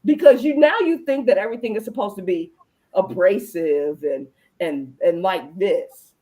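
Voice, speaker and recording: A woman hosting a casual adult chat, telling stories in an animated way, acting out her own reactions and swearing freely. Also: mid-range voice, moderate pace, rough recording. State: recalls being pregnant at the time, not now. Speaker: podcast host.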